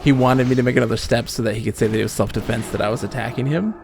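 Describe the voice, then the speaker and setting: A man in his late thirties streams a game from home and tells stories as he plays. His voice sits at an ordinary pitch with a gravelly edge. He talks animatedly, acts out the people he quotes, and swears casually. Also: fairly even intonation, rapid-fire, noisy background. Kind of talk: casual storytelling while gaming.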